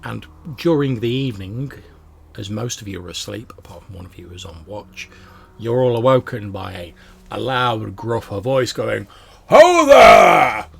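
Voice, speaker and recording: Gravelly man narrating a tabletop game. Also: fairly low pitch, moderate pace. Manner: casual, rambling with fillers. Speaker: game master.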